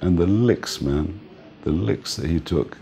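An older man interviewed as a music manager, telling relaxed stories and often laughing and saying "man". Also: sits low, measured pace, gravelly. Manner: relaxed, reminiscing, often says "man", laughs between points. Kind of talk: casual storytelling interview.

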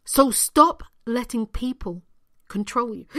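A woman speaks slowly and deliberately in a fairly high voice, delivering a motivational talk straight to her viewers. She presses her points by repeating them and sometimes sinks almost to a whisper. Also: lively intonation, a bit bright. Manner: emphatic, repeats key phrases, drops to near-whispers. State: hiccuping. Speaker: spiritual coach.

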